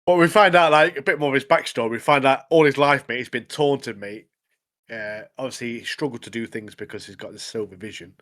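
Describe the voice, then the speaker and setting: Man, podcast co-host, casual recap, rambling, mid-pitched voice. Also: brisk, a bit bright. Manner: rambling recap, many fillers like obviously and mate. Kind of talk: casual chat.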